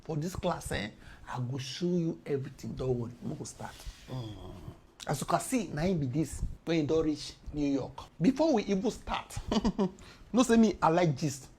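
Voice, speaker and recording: A woman with a Nigerian Pidgin English accent, talking through the news in a casual, animated explainer, her voice swinging between loud and soft. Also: low-pitched, normal speed, a little hiss or hum. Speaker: commentator.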